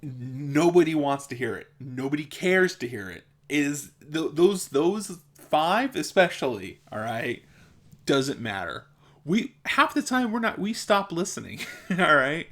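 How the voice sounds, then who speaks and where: A man's voice: a little high, big pitch swings, unhurried, a bit bright. A young adult man with a mild speech impediment, vlogging in a blunt, exasperated way and laughing between points. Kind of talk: casual opinion vlog.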